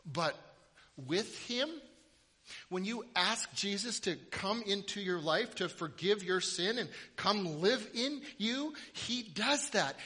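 Bright-voiced male preacher in a reverberant hall. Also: high-pitched, breathy edge. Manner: humorous storytelling. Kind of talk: sermon.

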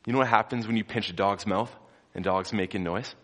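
Preaching with a lowish voice at a brisk pace, a man recounts the story dramatically, shifting from booming intensity to near-whispers and putting questions to his listeners. Long hall reverb colors the sound.

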